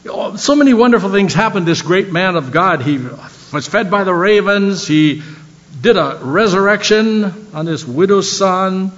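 An older man preaching a sermon, telling stories and swinging between animated lines and soft, low ones. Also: measured pace. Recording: dull lo-fi sound.

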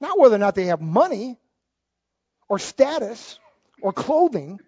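A high-pitched middle-aged man, delivering a sermon from the pulpit. He swings from loud, punchy lines to soft asides. The recording is dull and lo-fi. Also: sing-song, unhurried, slightly rough. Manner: emphatic, swings between loud exclamations and quiet asides. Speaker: pastor.

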